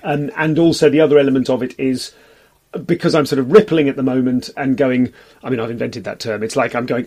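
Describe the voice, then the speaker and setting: A man's voice: mid-range voice, fairly even intonation, a little fast, warm tone. A man in his forties, a comedian on a podcast, chatting casually in a rambling, self-deprecating way and briefly acting out the voices of people he quotes.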